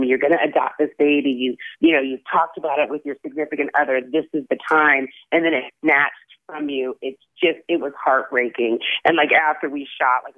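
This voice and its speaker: A man, an actor guest, chatting effusively in an interview, full of "like" and "you know". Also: on the high side. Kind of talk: casual interview chat. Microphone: phone call. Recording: tinny phone line.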